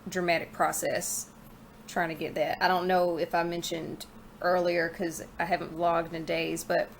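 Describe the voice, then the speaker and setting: A woman's voice: lowish voice, little pitch movement, moderate pace, slight background noise. Woman vlogging casually with a retainer in. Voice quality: slightly slurred speech from a retainer. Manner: candid, rambling, venting with frank asides. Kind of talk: casual chat vlog. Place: living room floor at home.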